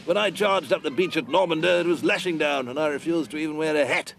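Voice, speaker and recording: Gravelly, rambling old English colonel. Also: male voice, on the high side, fast talker, a bit bright. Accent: upper-class English. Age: older. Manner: rambling, muttering asides to himself. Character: doddery posh old English ex-army commentator, lecherous. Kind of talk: comic commentary over old footage.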